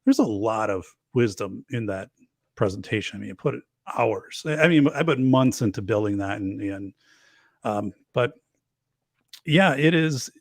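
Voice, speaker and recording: A man's voice: lowish voice, expressive, moderate pace, gravelly, no room sound, clean studio sound. A man guest speaking earnestly about safety ideas, with many ums and restarts. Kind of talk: casual chat.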